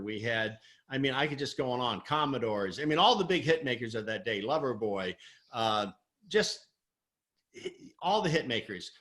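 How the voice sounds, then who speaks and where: A middle-aged man tells a story as a guest on an interview show, his voice bright and his pitch swinging up as he acts out the people he quotes. He laughs often and talks in a lively way. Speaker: guest, performance coach.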